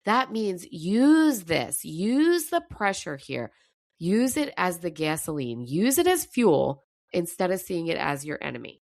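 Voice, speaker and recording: A woman's voice: on the low side, very animated, a little slow, creaky, darkish tone, dry recording, clean studio sound. A woman coach giving a fired-up motivational talk, her voice slightly scratchy. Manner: emphatic, fired up. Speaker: mental performance coach.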